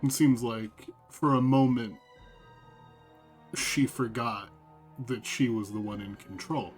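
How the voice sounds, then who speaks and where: A man narrating as game master of a tabletop game, describing scenes in a slow, halting way. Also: medium pitch, fairly even intonation, faint music behind.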